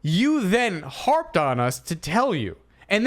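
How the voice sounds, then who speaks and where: Animated man reading and debating. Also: high-pitched, a little slow. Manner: animated, argumentative, playful. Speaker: podcast co-host. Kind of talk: comedic podcast chat, reading listener posts aloud.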